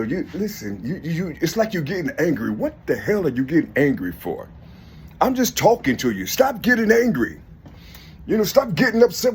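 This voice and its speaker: A man with a husky voice on the high side rambles through a casual monologue, laughing often. He keeps repeating "listen" and "you see" as he speaks to an unseen listener.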